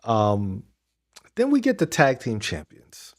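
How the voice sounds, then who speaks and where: Speaking slowly at a medium pitch that swoops wildly, a man co-hosts a podcast about wrestling. His talk is casual and rambling, packed with restarts and fillers.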